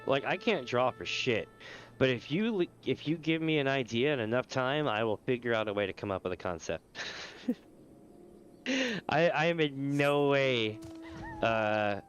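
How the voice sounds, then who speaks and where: A man's voice: medium pitch, lively intonation, a little slow, muffled recording, soft background music. A male streamer with a stuffy nose, chatting casually on a live game stream, rambling, swearing freely and laughing often. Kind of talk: casual livestream chat.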